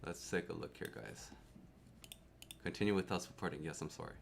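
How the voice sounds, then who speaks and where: Young Canadian-born guy, lowish voice, chatty live streamer, excitable, laughs a lot, repeats words. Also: a little fast, gravelly. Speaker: keyboard streamer. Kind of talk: casual live-stream chat.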